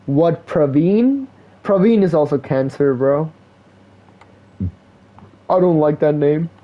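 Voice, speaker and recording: A young Indian man chats casually while streaming a game, his fairly high voice unhurried as he jokes, swears and leans on slang, peppering everything with "like" and "bro." The stream audio is dull and lo-fi.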